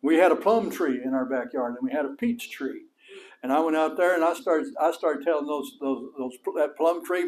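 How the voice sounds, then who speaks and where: West texas preacher guy, middle-aged, kinda high voice, folksy and lively, gets loud and high when he's making a point. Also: normal speed. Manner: folksy and animated, voice rising high for emphasis. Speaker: pastor. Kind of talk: sermon.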